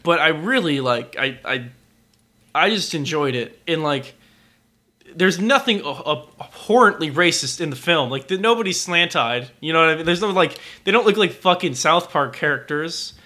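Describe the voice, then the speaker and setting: A podcast co-host in loose, casual conversation. His voice is a touch high and bright with an edge of force. He trips over his words and loops back through restarts and fillers. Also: expressive, normal speed. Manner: stammering, many restarts and fillers. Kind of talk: casual chat.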